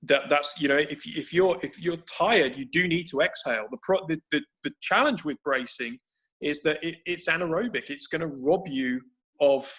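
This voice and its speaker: Explaining grappling breathing techniques on a video call, a man thinks aloud with frequent restarts. He speaks at normal speed in a fairly high, slightly bright voice.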